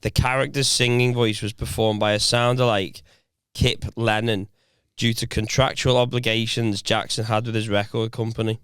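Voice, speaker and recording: A man's voice: lowish voice, level tone, moderate pace, hardly any pauses, a bit bright, smooth, no echo, clean studio sound. A man, co-hosting a casual podcast and telling stories in friendly banter. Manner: storytelling, reads from a search result aloud. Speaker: podcast co-host.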